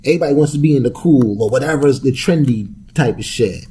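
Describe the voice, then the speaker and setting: A man's voice: medium pitch, quick pace, warm tone, husky. A young man hosting a podcast, ranting casually with loose street slang, profanity and laughter. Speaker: podcast host.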